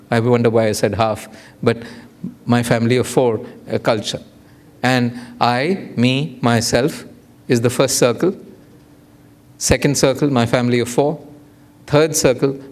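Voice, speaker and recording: A man giving a public lecture, telling anecdotes and acting out the people in them with big jumps in pitch. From India. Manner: animated storyteller, acts out dialogue with big pitch jumps. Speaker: guest lecturer. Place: lecture hall.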